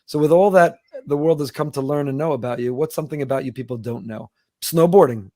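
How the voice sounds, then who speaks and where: A man hosting a podcast interview, asking questions and heaping brisk praise on his guest. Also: on the high side, mellow, no room sound, clean studio sound. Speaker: podcast host.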